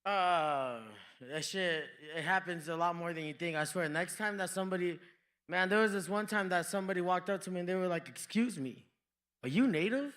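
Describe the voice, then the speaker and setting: A man's voice: sits high, fairly even intonation, a little fast, pushed and bright, clean tone. A young man from New Mexico doing a stand-up comedy set on a club stage, telling stories in a laid-back way and slipping into quoted voices. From New Mexico, USA.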